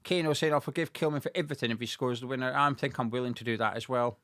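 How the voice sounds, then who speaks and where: Measured man reading fan comments. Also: medium pitch, a bit bright, no echo. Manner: measured, reads comments aloud with some hesitant fillers. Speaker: fan channel host reading viewer comments. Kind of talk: casual live watch-along chat.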